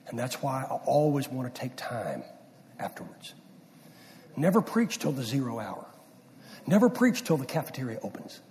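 A middle-aged man preaching a sermon, swinging from loud emphasis down to hushed near-whispers. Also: mid-range voice, sing-song, normal speed, a little hiss or hum. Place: church sanctuary. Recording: distant mic with long hall reverb.

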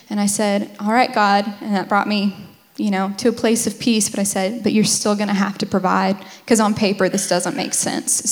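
A woman's voice: medium pitch, big-room sound. A young woman sharing her side of a faith testimony, candid and humorous, telling it like a story. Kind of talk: personal testimony talk.

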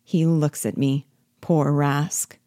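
A woman's voice: sits low, flat delivery, slow pace, dark tone, no echo, studio quality. A woman voicing a loyal, sentimental old male army sergeant who speaks humbly and rambles. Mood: earnest, humble.

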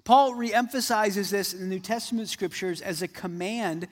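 A man's voice: sits high, moderate pace. Pastor guy preaching, chatty, repeats himself a lot, voice rings out in a big reverby sanctuary. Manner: conversational preaching with repeated phrases. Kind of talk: sermon.

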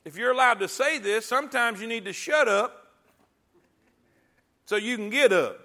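A middle-aged man preaching a sermon in a folksy call-and-response way, with loud bursts when he quotes God. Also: extremely high pitch, moderate pace. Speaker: pastor. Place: church sanctuary.

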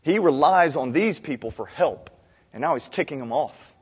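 A man preaching a sermon as pastor, animated, acting out cries of the people he describes. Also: a little high, moderate pace, slightly rough, big-room sound.

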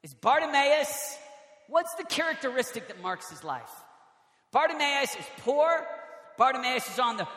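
A young man preaching an energetic youth sermon, emphatic and often raising his voice to a shout. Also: very high voice, moderate pace. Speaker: youth pastor. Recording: echoey large hall.

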